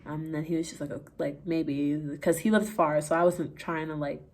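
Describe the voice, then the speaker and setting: A young woman vlogger telling a casual story time, animated and laughing, going from hushed to loud. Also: low-pitched, normal speed.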